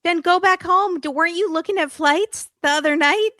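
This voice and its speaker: A woman co-hosting a casual podcast chat, making quick sarcastic asides about a reality show. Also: very high voice, bright, forceful tone, no room sound, clean studio sound. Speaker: podcast co-host.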